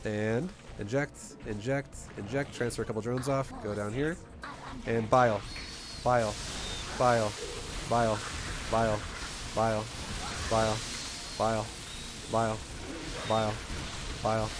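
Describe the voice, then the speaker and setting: Blunt, energetic man coaching a strategy game. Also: on the low side, measured pace, pauses often, noisy background. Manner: energetic, blunt, swears casually. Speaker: gameplay coach. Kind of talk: casual live game commentary and teaching.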